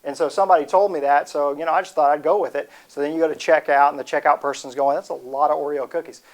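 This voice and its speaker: Man, 40s, motivational speaker; a touch high-pitched, jokey, keeps cutting himself off mid-story. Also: fairly even intonation, fast. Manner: rambling, self-interrupting storytelling. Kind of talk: humorous motivational talk.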